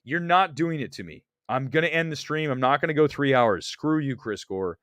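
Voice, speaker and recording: A man's voice: mid-range voice, animated, normal speed, a bit bright, dry recording, studio quality. A man hosting a livestream about movies, talking bluntly and teasing his chat. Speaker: livestream host.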